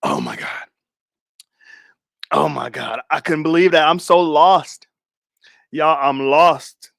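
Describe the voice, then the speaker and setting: A man's voice: a little high, huge pitch swings, measured pace, creaky, a bit bright, no room sound, clean studio sound. A man giving casual, rambling commentary to his viewers, laughing often and speculating. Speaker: commentary streamer.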